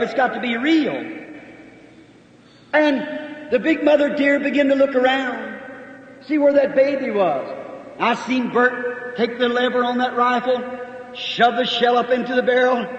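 A man preaching a sermon, telling a story in an earnest, folksy way with emotional emphasis. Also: very high voice. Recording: echoey old hall recording from far off, dull.

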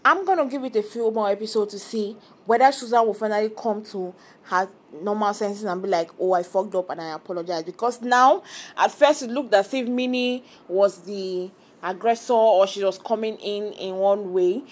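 A woman's voice: mid-range voice, moderate pace. A young woman chatting casually and with strong opinions as she recaps a reality TV episode, often acting out what the cast said. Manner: chatty, opinionated, animated quoting of cast members. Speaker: reality TV commentator. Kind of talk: casual reaction vlog.

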